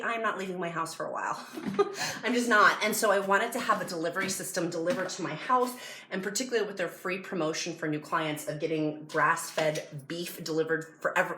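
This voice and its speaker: A woman with a fairly low voice gushes excitedly through a casual unboxing at home. The room rings with echo, and a steady hiss of noise sits under her voice. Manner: gushing and excitable. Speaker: product review vlogger. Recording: echoey room with background noise.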